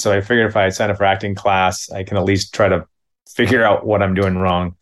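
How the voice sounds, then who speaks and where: Halting middle-aged man telling a story. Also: lowish voice, fairly even intonation. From Minneapolis, United States. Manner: halting, self-deprecating, full of restarts. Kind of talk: live comic storytelling.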